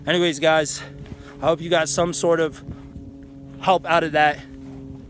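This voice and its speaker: High-voiced man giving frank pep talk. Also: flat delivery, a little slow, fairly bright tone, soft background music. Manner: earnest, frank and profane, with many restarts. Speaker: vlogger. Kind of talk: casual motivational talk to camera. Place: outdoors in a canyon.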